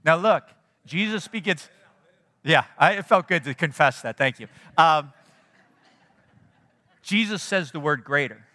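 A man preaching a sermon in a conversational, animated way, often checking in with his listeners. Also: a little high, unhurried, long pauses, in a large hall. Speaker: pastor.

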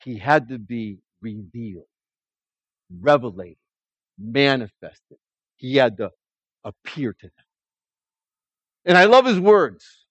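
A man preaching a sermon, acting out a story with animated, stammering restarts. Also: medium pitch, takes it slowly, pauses often, slightly rough, dry recording, lo-fi sound.

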